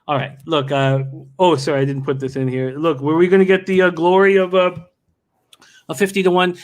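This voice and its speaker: A man's voice: fairly high pitch, flat delivery, brisk. A man hosting a sports betting show, brash and joking in casual chat, swearing freely.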